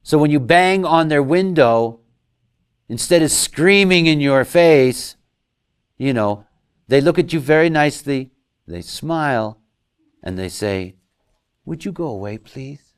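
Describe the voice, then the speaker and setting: A man giving a lecture, talking in an animated way and acting out quoted voices. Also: a little high, a little slow, long pauses, smooth. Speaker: lecturer on human design.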